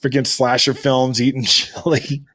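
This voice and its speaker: A man co-hosting a podcast in casual, excitable chat, swearing freely. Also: medium pitch, measured pace, husky. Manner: excitable, swears a lot, jumps into voices. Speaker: podcast co-host. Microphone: video call camera.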